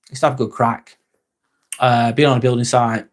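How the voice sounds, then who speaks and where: A man's voice: mid-range voice, little pitch movement, fairly quick. A man in his forties hosting a casual livestream, chatting loosely, swearing now and then and reading viewer comments aloud. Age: 40s. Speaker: livestream host.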